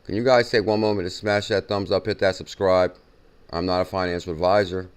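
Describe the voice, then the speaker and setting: A man hosting a casual crypto news show, reacting excitedly and repeating figures from a clip he plays. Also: low voice, fairly quick, smooth. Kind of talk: casual chat.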